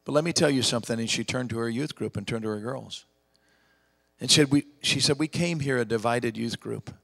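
Gravelly folksy male preacher. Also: mid-range voice, long reverb tail. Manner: folksy, emphatic, drops to a hush for heavy moments. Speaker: evangelist preacher. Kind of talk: storytelling sermon.

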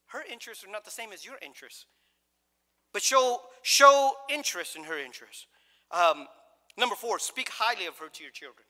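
A man's voice: high voice, animated, normal speed, long pauses, bright, forceful tone. A middle-aged male pastor preaching a sermon in a conversational, joking way, full of restarts and acted-out quotes. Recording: long hall reverb.

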